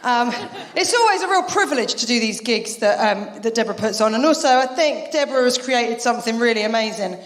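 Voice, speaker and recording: A woman's voice: fairly quick, hardly any pauses. A woman performing a live stand-up set on a theatre stage, telling jokey stories with big swings in her voice. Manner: animated, jokey storytelling with big pitch swings. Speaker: stand-up comedian. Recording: roomy live venue sound.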